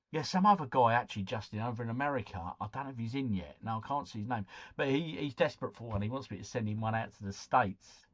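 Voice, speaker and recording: A man's voice: mid-range voice, a bit bright, no room sound, highs cut off. A man hosting a casual live stream at home, chatting and greeting viewers by name. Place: at home, drinking cider.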